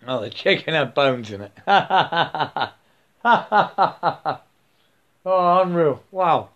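A man's voice: a little high, animated, extremely slow, fairly bright tone, lo-fi sound. A man giving a rambling spiritual monologue, checking in with the listener and breaking into laughs.

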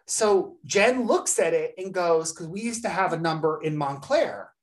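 A woman's voice: lowish voice, unhurried, few pauses. A woman hosting a podcast, telling a long story in casual chat and acting out the people she quotes. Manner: animated storyteller, acts out quotes. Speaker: podcast host.

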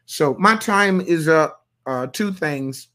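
Folksy pastor chatting with online viewers. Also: male voice, a little high, slow pace. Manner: loose, folksy, playful, with sudden loud bursts. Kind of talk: livestream sermon talk reading viewer comments.

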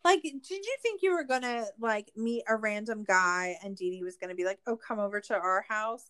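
A podcast host recaps a true-crime documentary in casual chat, sarcastic and swearing, with lots of "like" fillers. Her fairly bright, clear, resonant voice moves at a moderate pace and jumps high whenever she gets exasperated.

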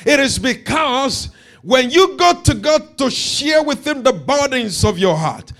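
High-pitched, emphatic male preacher. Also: very animated, unhurried. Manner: emphatic, repeats phrases, swells to shouts. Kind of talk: sermon.

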